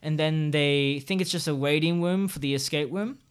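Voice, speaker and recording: Young male co-host, slightly higher voice, smooth and clear, can't quite say his R's, chatty. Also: moderate pace. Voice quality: trouble pronouncing R sounds. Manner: chatty, laughs often. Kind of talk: casual film review chat.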